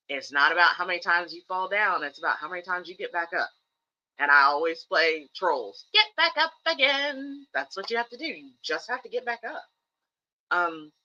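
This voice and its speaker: A woman's voice: low-pitched, sharp tone, highs cut off. A woman from the United States hosting a livestream, giving candid, emphatic advice and repeating key phrases for stress. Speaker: streamer host. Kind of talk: casual livestream talk, earnest advice.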